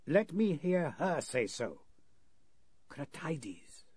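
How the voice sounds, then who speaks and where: A man voicing a starved, defiant male captive who answers slowly and firmly, in a 1930s radio drama. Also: mid-range voice, big pitch swings, husky, no room sound, voice pushed up, full character voice. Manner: slow, raised, defiant refusals.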